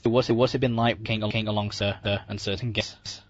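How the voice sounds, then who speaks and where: Man, lowish voice, interviewer, stumbling questions, muffled lo-fi audio. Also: level tone. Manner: halting questions with fillers and repeats. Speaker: interviewer host. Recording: dull lo-fi recording.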